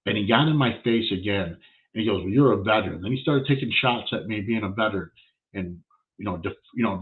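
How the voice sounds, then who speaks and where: A man's voice: lowish voice, quick pace. A man hosting his own show, telling a story in a blunt, plain-spoken casual monologue. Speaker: podcast host, shop owner. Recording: tinny phone-like sound.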